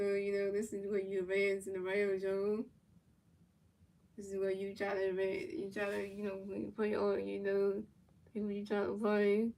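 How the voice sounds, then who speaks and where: Flat-voiced woman calling a game, distant mic. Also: mid-range voice. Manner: repetitive, stumbling calls with casual slang and swearing. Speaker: gaming channel commentator. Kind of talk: casual play-by-play commentary over a video game. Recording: voice picked up from a distance.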